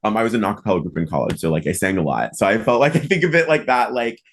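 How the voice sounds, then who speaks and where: A man hosting a podcast in casual conversation, his voice sitting a little low. He talks in a loose, chatty way, filling his sentences with "like" and punching key words with animated emphasis. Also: very fast. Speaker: podcast host and mock trial coach.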